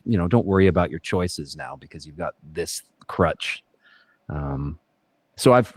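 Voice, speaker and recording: A man speaks as a guest on a casual podcast in a very low, deep voice. He wanders through his thoughts with fillers and restarts. The sound is dry and close. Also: a little mellow, no room sound. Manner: reflective, rambling with many fillers and restarts. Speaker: actor guest.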